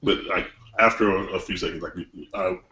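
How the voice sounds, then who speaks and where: Player: man, very deep voice, echoey room, faint hiss in the background. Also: steady tone, fairly quick, pushed and bright. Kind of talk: tabletop game play. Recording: roomy lo-fi recording with faint ambience.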